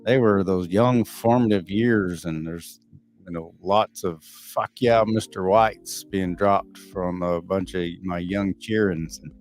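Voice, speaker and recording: Faint music plays behind a middle-aged man with a Texan accent as he reads his live stream chat and replies bluntly, candidly and with profanity. He speaks unhurriedly in a low, slightly mellow voice with fairly even intonation.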